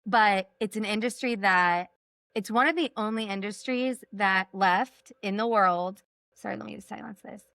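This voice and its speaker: A woman's voice: mid-range voice, normal speed, vocal fry, fairly bright tone, no echo. A woman from Texas, a sales coach, talking emphatically in a podcast interview and repeating her points for punch. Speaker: executive coach and sales trainer, guest.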